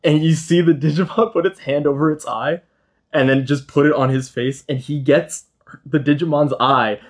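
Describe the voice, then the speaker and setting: Animated young man retelling a story. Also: fairly high pitch, moderate pace. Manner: animated storyteller, swears and laughs often. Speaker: podcast host. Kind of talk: casual chat.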